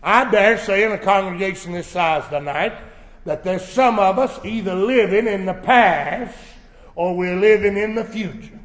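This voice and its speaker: A man preaching a sermon, swelling into shouted emphasis, recorded in a church sanctuary. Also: high voice, normal speed. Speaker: pastor. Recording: echoey church hall.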